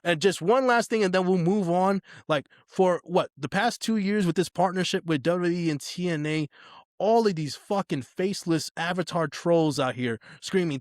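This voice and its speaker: A man's voice: sits high, no echo, clean studio sound. A man co-hosting a podcast, talking in casual chat in an emphatic, opinionated way. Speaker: podcast co-host.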